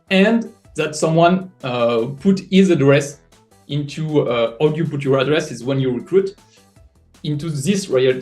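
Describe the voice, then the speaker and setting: A man with a French accent explaining a project in a live audio chat, halting with many fillers and restarts. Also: on the high side, a little mellow. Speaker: NFT project creator.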